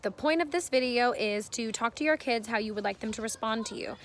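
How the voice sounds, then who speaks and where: A woman's voice: fairly high pitch, a little fast, a bit bright, slight background noise. A woman in her thirties giving earnest parenting advice to camera, explaining at length in a casual way. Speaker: parenting vlogger.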